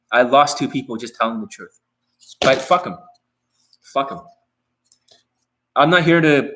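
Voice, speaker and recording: A man's voice: mid-range voice, a bit bright, low-quality recording. A man talking as a dating coach in a live-streamed coaching talk, blunt and profane, often repeating his key phrases. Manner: blunt and profane, speaking straight to viewers; repetitive, says key phrases again.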